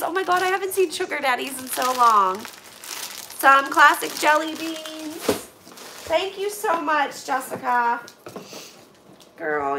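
Gushing and quick to laugh, a young woman with a high-pitched voice and Western Pennsylvania accent opens gifts from viewers during a casual livestream in her kitchen. Background noise is clear in the echoey room.

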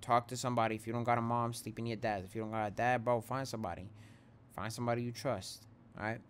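A man's voice: mid-range voice, little pitch movement, fast talker, clean tone. A young man who hosts a gaming channel, talking straight to his viewers in a rambling, shaken but earnest way as he vents. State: rattled. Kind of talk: casual direct-to-camera vent.

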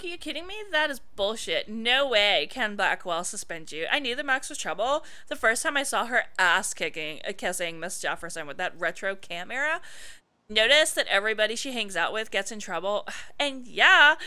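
A woman's voice: medium pitch, animated, moderate pace, sharp tone, smooth. A young woman giving sarcastic let's-play commentary, swearing and reading messages aloud in jokey voices. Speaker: streamer playing a game.

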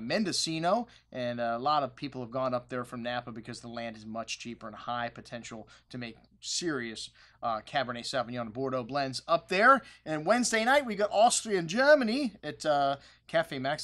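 A man's voice: mid-range voice, a bit bright. A man hosting a wine shop video, talking in a loose, chatty way with plenty of fillers and asides. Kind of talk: casual video promo talk. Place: wine store.

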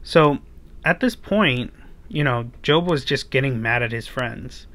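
A man's voice: mid-range voice, measured pace, a bit bright. A man gives a children's sermon in a mid-range voice. He retells the story in a loose, chatty way, full of fillers. He often checks in with his young listeners through rhetorical questions. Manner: casual retelling with many fillers. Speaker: children's ministry preacher.

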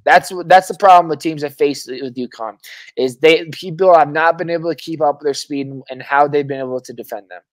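Excitable man talking hoops on a podcast. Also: fairly high pitch, brisk, no echo. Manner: animated, repeats words and restarts often, swears freely. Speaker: podcast co-host. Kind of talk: casual sports chat. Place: Arizona.

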